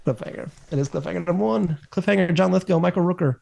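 This podcast co-host has a high, gravelly and slightly mellow voice and talks quickly. He rambles through casual conversation, frequently correcting himself and chuckling.

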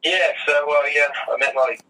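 A young man with a hoarse throat, chatting as a guest in an easygoing, rambling way with lots of fillers. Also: a little high, normal speed, bright, forceful tone. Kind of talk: casual interview chat. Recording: voice from far off the mic.

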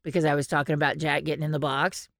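A woman's voice: deep voice, fast talker, dry recording, studio quality. A woman co-hosting a casual podcast, telling stories with lots of swearing and laughter. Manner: animated storyteller, swears freely, laughs often. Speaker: podcast co-host.

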